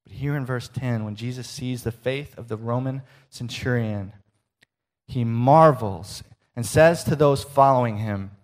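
A man preaching a sermon, slowing for emphasis and dropping to a hush at the ends of lines. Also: mid-range voice, creaky. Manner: expressive, slows for emphasis and drops to a hush at line ends.

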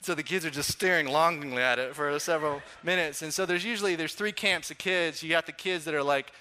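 Young male pastor, bright voice, casual animated sermon delivery. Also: fairly high pitch, fairly quick, slight background noise. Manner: conversational, animated storytelling with acted-out quotes.

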